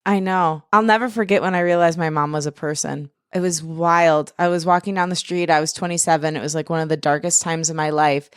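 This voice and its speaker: A woman with a lowish voice hosts a podcast interview. She affirms her guest warmly and laughs easily. The recording is dry and close. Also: fairly even intonation, a little fast, hardly any pauses, smooth, no room sound. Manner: warm, affirming, laughs readily. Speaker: podcast host. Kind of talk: interview conversation.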